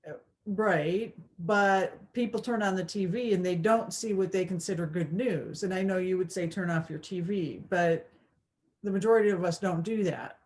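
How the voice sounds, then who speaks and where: A woman's voice: on the low side, moderate pace, darkish tone. A woman co-hosting a spirituality talk show, chatting casually, earnest and reflective, with many fillers and restarts. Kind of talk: casual chat.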